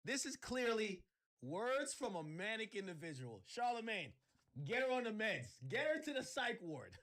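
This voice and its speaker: A man hosting a livestream, ranting sarcastically in casual chat and breaking into shouts. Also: high-pitched, very animated, normal speed. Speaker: livestream host.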